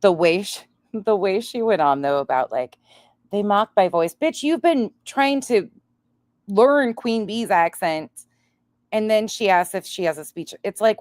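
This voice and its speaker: A woman's voice: mid-range voice, a little mellow, no room sound. A woman from North Dakota with an upper Midwest accent and a nasal voice, giving blunt, profane reaction commentary on a stream. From North Dakota, raised in Montana.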